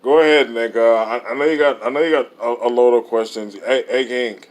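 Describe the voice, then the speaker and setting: A man's voice: medium pitch, fairly even intonation, a little fast. Laid-back co-host guy, medium voice, laughs a lot and ribs the guest. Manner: laughs often, joshing, repetitive fillers. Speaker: podcast co-host. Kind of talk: casual banter.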